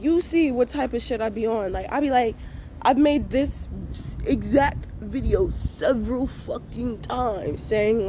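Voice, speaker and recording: A woman in her twenties vlogging a frank, profane morning rant to her viewers, full of slang and talking things through out loud. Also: fairly high pitch, slight background noise. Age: 20s. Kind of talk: casual morning rant to camera.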